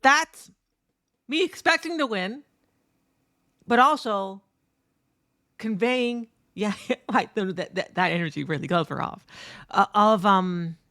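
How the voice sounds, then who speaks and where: Bright-voiced woman telling a story, profane and animated. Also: mid-range voice, slow, long pauses, no room sound, clean studio sound. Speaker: streamer and competitive fighting game player. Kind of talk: casual commentary over her own match footage.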